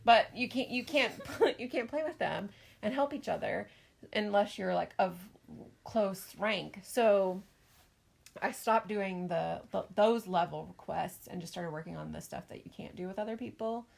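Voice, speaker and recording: A woman's voice: mid-range voice, unhurried, creaky. A middle-aged woman co-hosting a casual podcast with her daughter, chatty and self-mocking, laughing often. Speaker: podcast co-host, mother. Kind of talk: casual chat.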